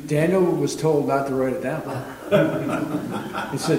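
Bible-class teacher, man, slightly high voice, loose chatty delivery, booming echo with faint hiss. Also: moderate pace, a little mellow. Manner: chatty, rambling, chuckles often. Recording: very echoey room, faint noise.

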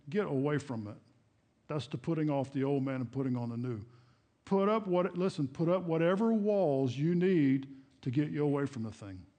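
A middle-aged pastor preaches to his church in a relaxed, chatty manner. His voice sits a little high for a man, and he keeps slipping into little acted-out prayers and voices. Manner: conversational, folksy preaching with acted-out prayers and quotes. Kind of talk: sermon. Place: church sanctuary.

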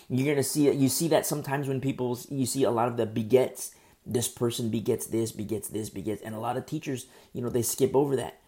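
Gravelly-voiced man teaching from the Bible. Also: medium pitch, normal speed, a little mellow. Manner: earnest, rambling, stumbles over names. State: sore throat, pauses to drink tea. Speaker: pastor.

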